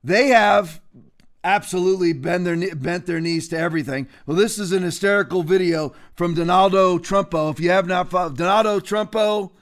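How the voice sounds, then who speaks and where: A man with a high-pitched voice hosts a political commentary show, speaking at a normal speed. His rant is combative and mocking, full of restarts and sudden loud bursts.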